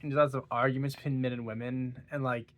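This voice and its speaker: A man's voice: medium pitch, flat delivery, quick pace, fairly bright tone. A tired, yawning young man talking casually about a book, rambling with stumbles and giggles. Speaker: book reviewer. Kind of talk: casual book talk vlog.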